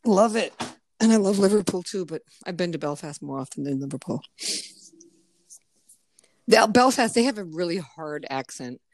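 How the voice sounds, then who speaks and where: A woman's voice: on the low side, no echo. An American woman who works as a massage therapist, chatting casually and profanely, often acting out quotes in other voices. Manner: animated, profane, quick to act out quotes. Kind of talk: casual podcast chat.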